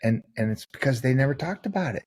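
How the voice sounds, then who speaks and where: A man's voice: mid-range voice, expressive, fast, darkish tone. A man, a guest author on a podcast, giving long earnest answers and acting out the people in his stories. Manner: earnest storyteller, acts out quoted people. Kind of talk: conversational interview answer.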